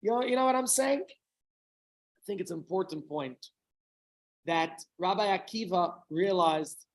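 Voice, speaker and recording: A man's voice: high-pitched, unhurried, slight background noise, poor audio. A middle-aged man, a rabbi, giving an informal talk to a small group, telling a story with chatty asides and questions to his listeners.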